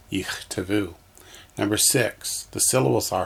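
A man's voice: on the low side, a little slow, vocal fry, slightly rough. A man teaching a reading lesson, patiently sounding out words one syllable at a time from a textbook.

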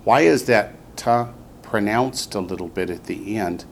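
A man with a fairly low voice teaches a language class, calmly repeating each student's answer before explaining. His delivery is patient and methodical. Faint room ambience sits in the background. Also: unhurried, vocal fry, a little hiss or hum.

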